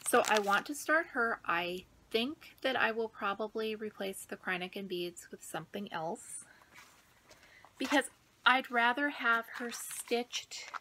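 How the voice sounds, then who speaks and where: Chatting casually at home about her stitching projects, a middle-aged woman rambles while out of breath, now and then sinking to almost a whisper. Her medium-pitched voice sounds pushed and bright, with a faint hiss or hum.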